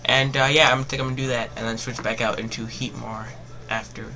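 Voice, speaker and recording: A young man talks through his own match as it happens, with a bright, forward voice that sits at an ordinary pitch for a man. He rambles and fills every gap with "um," drops into glum mutters, then yells when things swing his way. It sounds like a home desk mic. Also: level tone, brisk. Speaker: gaming commentator. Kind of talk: live game commentary.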